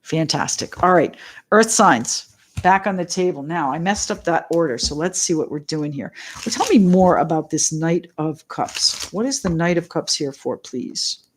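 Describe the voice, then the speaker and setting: A middle-aged woman leads a live tarot reading in an excited, chatty way. She talks straight to her viewers, greets them by name and goes off on tangents. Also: lowish voice, normal speed. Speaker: tarot reader.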